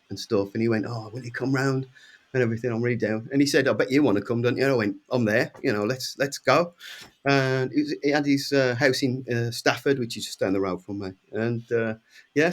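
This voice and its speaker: Guest, English male, 60s, mid-pitched, rambling storyteller who voices the people in his tales. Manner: lively anecdotes, acts out quoted voices with big pitch jumps. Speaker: guest musician. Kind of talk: casual storytelling.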